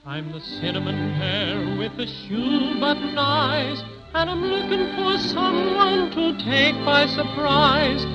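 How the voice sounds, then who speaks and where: An actor playing a small, good-natured male teddy bear with an Irish brogue, who sings a slow growling rhyme and chats kindly. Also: very high-pitched, over loud music. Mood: sing-song. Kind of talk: 1930s radio acting. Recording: dull old radio recording.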